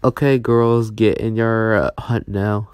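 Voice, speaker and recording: A man voicing a policeman in an amateur cartoon, halting and full of pauses and fillers. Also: on the low side, flat delivery, a little mellow, clear, resonant tone, dry recording. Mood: hesitant. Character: police man looking after guests. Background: music.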